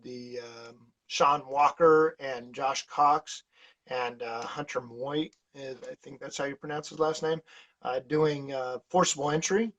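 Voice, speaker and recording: A man's voice: mid-range voice, measured pace. A man talking as a podcast guest in casual conversation, rambling through stories with many fillers and restarts. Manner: animated, laughs while telling stories. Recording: dull lo-fi podcast audio.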